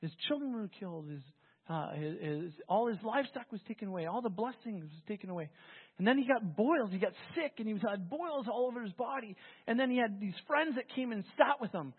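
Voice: mid-range voice, expressive, a little fast, slightly rough. A pastor preaching a sermon in a conversational, storytelling way, often restarting phrases. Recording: phone-like, with long hall reverb.

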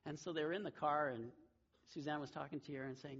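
A man preaching a sermon to his church, telling a story with lively voiced asides. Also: on the high side, quick pace, breathy edge, lo-fi sound. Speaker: pastor. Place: church sanctuary.

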